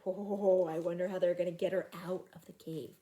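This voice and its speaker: A woman reading a children's chapter book aloud in an expressive, animated way. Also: on the low side, normal speed. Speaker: reader.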